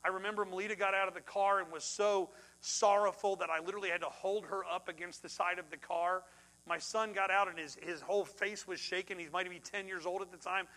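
A man preaching, middle-aged, his voice sitting high and bright. He swings between ringing, forceful outbursts and quiet, hushed passages as he tells a story from the pulpit. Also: brisk, low-quality recording. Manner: animated, swings from loud outbursts to hushed tones. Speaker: pastor. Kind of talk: sermon with personal story.

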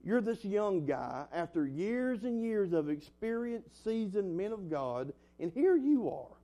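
Sneering devil mocking a young preacher, put on by a pastor, mellow voice, kinda high. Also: male voice, big pitch swings, a little slow, heavily acted. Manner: scornful, mocking questions.

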